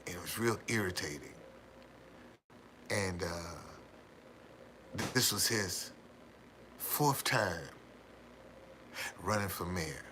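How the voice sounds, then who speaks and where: A man from the United States hosts a livestream, telling his viewers a rambling story in a low-pitched voice. He speaks slowly, pauses often, repeats words, and frequently breaks into hearty laughter, with background noise audible.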